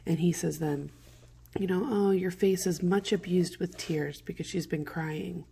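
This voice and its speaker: A woman teacher walks students through a play, reading lines and retelling them in easy everyday words. Her voice sits low with a gravelly edge. It also has a husky texture, and she keeps clearing her throat. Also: fairly even intonation, a little slow, warm tone. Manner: conversational, paraphrases lines in plain modern words. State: throat clearing from morning allergies.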